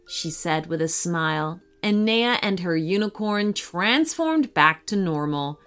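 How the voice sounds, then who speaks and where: Expressive woman reading a children's story. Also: on the low side, unhurried, few pauses, soft background music. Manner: expressive, acts out characters.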